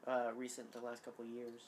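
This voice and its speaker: A woman from Georgia co-hosting a podcast in casual chat, animated and laughing often. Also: rumbling low, normal speed, a little hiss or hum. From Georgia, USA. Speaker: podcast co-host.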